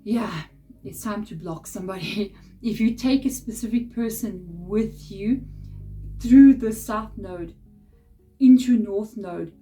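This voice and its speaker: A woman talks through a tarot reading in a loose, conversational way, speaking bluntly to her viewers and laughing often. Her voice is warm and mellow at a middle pitch. Soft music plays faintly underneath. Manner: chatty, direct, laughs often. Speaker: tarot reader. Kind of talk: casual tarot reading to camera. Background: soft background music.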